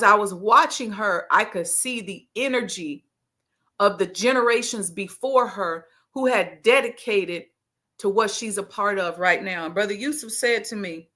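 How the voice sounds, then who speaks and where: A woman's voice: medium pitch, normal speed, sharp tone. A middle-aged woman giving an emphatic motivational sermon at a Ramadan gathering, repeating her key lines and talking to the crowd like family. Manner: emphatic, repeats key phrases, folksy call-and-response. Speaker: speaker leading a Ramadan gathering.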